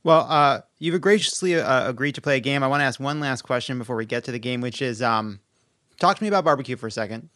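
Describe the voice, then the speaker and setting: A man hosting a comedic political show, energetic and sarcastic. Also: mid-range voice, no room sound, clean studio sound. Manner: sarcastic, energetic, quick jokes. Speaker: podcast host.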